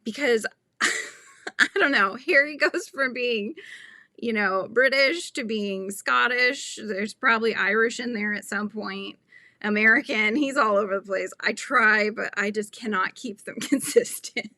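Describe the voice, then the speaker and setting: A woman in her thirties chats through a crochet tutorial, rambling between topics and laughing easily. Her voice is bright and forceful with a gravelly fry. It is recorded close and dry, with no room sound. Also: on the high side, unhurried, no echo. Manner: chatty, rambling, laughs often, reads viewer comments. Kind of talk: casual livestream chat while crocheting.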